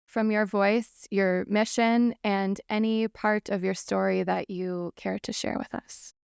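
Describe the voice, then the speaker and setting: A woman hosting a podcast interview, enthusiastic and quick to laugh as she talks with her guest. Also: mid-range voice, steady tone, vocal fry, darkish tone, smooth, no echo, clean studio sound. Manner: enthusiastic, laughs often, admiring. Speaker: podcast host. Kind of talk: interview conversation.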